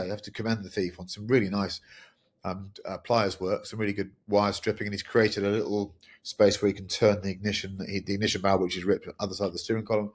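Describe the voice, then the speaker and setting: A middle-aged man hosting a podcast, telling a personal story in a candid, rambling, wry way. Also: fairly low pitch. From England. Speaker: podcast host. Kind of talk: casual podcast monologue.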